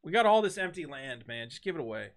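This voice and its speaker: A young man hosting a charity livestream, riffing in animated, profane comic chat. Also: fairly high pitch, fast talker. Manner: riffing, animated, swears a lot. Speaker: streamer hosting a charity stream. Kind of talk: casual comedic chat.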